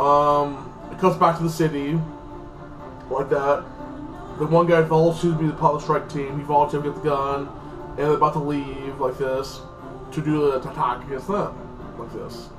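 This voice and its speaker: Man recapping a show, rambling, slightly high voice, roomy echo, faint music. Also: steady tone, normal speed. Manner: rambling, repeats "like this" and "freaking". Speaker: TV show reviewer. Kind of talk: casual episode recap. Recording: echoey room, distant mic, faint music.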